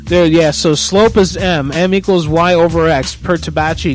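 A man's voice: on the high side, fairly even intonation, normal speed, faint music behind. A man hosting a talk show, teasing his co-host and rambling with lots of swearing. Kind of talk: casual crude banter.

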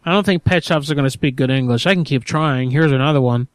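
A man's voice: medium pitch, quick pace, clear, resonant tone, no room sound. A man making prank phone calls and commenting on them, mocking and provocative, repeating his taunts. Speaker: prank caller and host.

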